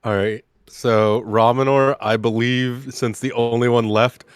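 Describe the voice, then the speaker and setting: A man's voice: medium pitch, little pitch movement, measured pace, clean tone, no room sound. A man acting as game master, hosting a live Q&A in a playfully formal manner. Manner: playfully formal, laughs often.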